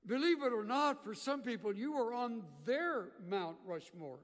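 A man preaching a sermon, swinging from loud emphatic bursts to quiet earnest asides. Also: very high-pitched, animated, measured pace, big-room sound. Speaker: pastor.

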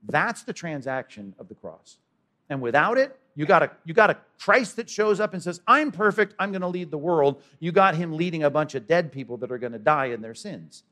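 A male pastor preaching an animated sermon, swinging from loud exclamations to hushed asides and asking the congregation questions. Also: on the high side, a little fast.

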